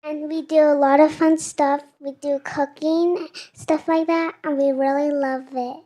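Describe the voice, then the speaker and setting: A young girl giving a shy, soft-spoken public comment at a school board meeting. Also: sits high, level tone, a little slow. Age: young child. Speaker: student speaker.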